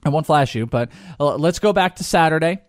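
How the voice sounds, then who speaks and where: A man's voice: fairly high pitch, expressive, fairly quick, dry recording, studio quality. A man co-hosting a podcast in casual, joking chat, rambling and laughing. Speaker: podcast co-host.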